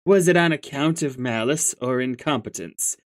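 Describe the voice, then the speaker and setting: A reader voicing a prim, formal young female troll who speaks in a measured, genteel way. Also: mid-range voice, natural voice. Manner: measured, genteel, says "I do declare".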